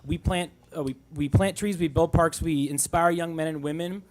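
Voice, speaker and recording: A man with a somewhat high voice speaks earnestly at a hearing. He pauses with fillers as he goes. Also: steady tone, a little mellow. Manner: earnest, halting. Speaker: nonprofit worker. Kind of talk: public comment at a hearing.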